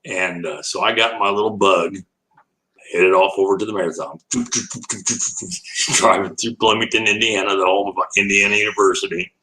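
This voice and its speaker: A man's voice: fairly low pitch, steady tone, moderate pace, sharp tone, poor audio. An older man, an animal educator, telling a long anecdote as an interview guest, laughing often and acting out the voices in his story.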